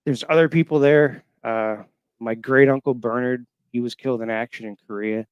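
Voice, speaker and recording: A man in his thirties from Florida, calling in to a show and haltingly telling a personal story full of fillers. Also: mid-range voice, steady tone, clean tone, dry recording, muffled recording. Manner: halting, emotional, many fillers. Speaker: caller. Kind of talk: casual storytelling. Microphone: call-in line.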